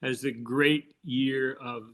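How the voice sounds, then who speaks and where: A man's voice: medium pitch, fairly even intonation, slow, fairly bright tone. An older man co-hosting a casual sports podcast, telling baseball anecdotes and laughing as he recounts them. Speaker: podcast co-host, former baseball insider.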